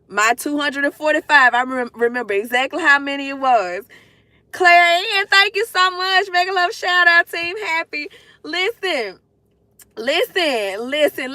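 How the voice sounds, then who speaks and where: High-pitched, bright and forceful, a woman's voice comes through with no echo as she chats casually with her livestream viewers from a parked car. She gushes, emotional and close to tears, speaking directly to the chat.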